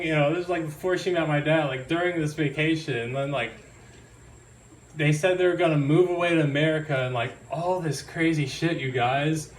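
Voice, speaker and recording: Young male comic, high-ish voice, nervous giggles, frequent apologies; live room sound, distant mic, audible crowd. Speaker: stand-up comedian. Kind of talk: stand-up set. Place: live comedy venue, audience in room. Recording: roomy live recording from a distance, crowd noise.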